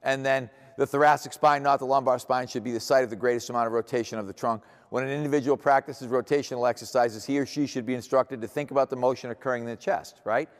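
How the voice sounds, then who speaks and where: A man's voice: medium pitch, steady tone, quick pace, hardly any pauses. A man in his sixties giving a seminar lecture as a strength coach, blunt and emphatic, asking rhetorical questions. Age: 60s. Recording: echoey hall reverb.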